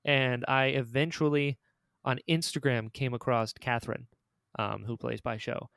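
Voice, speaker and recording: Excitable man telling stories on a podcast. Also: medium pitch, normal speed, creaky, no echo, studio quality. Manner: excitable storyteller, acts out quoted lines. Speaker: creator and writer of an audio drama, guest. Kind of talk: casual podcast chat.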